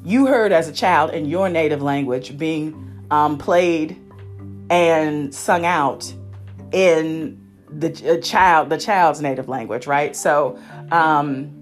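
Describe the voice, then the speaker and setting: Woman, low pitch, casual rambling podcast chat, self-interrupting, soft music behind. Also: slow. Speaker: podcast host. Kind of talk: casual solo review chat.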